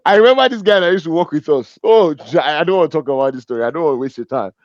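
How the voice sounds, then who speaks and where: A man with a Nigerian accent giving a humorous, animated business talk, joking and teasing as he tells stories. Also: on the high side, racing, no echo, muffled recording. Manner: animated and joking, laughs at his own stories. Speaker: business speaker.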